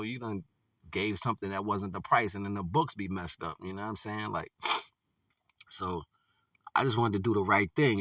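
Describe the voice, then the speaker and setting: Low-voiced man, bright and forceful tone, easygoing storyteller who laughs a lot, mic a bit distant in a dry space. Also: no echo. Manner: laid-back, laughs often, many "you know what I'm saying" fillers. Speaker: vlogger. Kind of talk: casual storytelling monologue.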